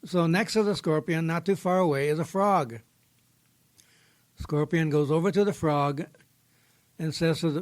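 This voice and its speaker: A man hosts a podcast in a studio, with a voice a little higher than most men's. He talks plainly and folksily, easing into a fable the way he would tell it across a table. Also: moderate pace, pauses often. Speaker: podcast host. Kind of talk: casual podcast talk with storytelling.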